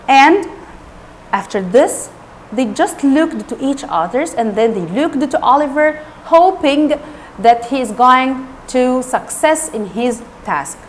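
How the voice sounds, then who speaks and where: Expressive woman teacher storytelling. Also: high voice, a little hiss or hum. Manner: expressive, explains words to pupils. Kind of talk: retelling a novel for schoolchildren.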